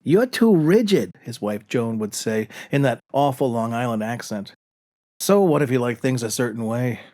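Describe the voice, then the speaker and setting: A man's voice: medium pitch, moderate pace, darkish tone. A man narrating a comic short story aloud with a dry, wry delivery. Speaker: narrator reading his own short story.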